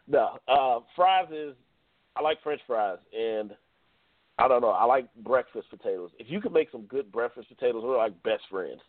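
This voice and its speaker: A man's voice: medium pitch, expressive, moderate pace, no room sound. A man co-hosting a casual podcast, blunt and playful, laughing often. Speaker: podcast co-host. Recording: dry, phone-like sound.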